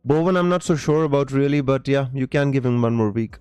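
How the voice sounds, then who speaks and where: A man with a mid-range, darkish but clean voice talks fairly quickly on a live stream with no echo, reading viewer comments aloud. He answers questions casually, with lots of fillers and restarts, calling people mate.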